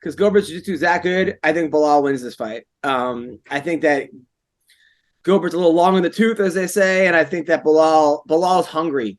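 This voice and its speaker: High-voiced man on a fight podcast. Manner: joking, rambling, loud when doing bits. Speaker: podcast host. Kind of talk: casual chat.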